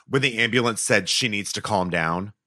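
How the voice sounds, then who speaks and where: A man's voice: on the low side, moderate pace, sharp tone, no room sound, studio quality. A man co-hosting a podcast in casual chat, teasing with mock-pompous sarcasm. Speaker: podcast co-host.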